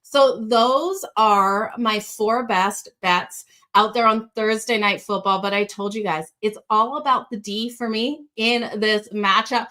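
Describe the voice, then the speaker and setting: A woman's voice: a little high, a little slow, pushed and bright. A woman with a slight Australian accent hosting a sports betting show, giving upbeat picks and talking straight to viewers. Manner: upbeat, addresses viewers directly.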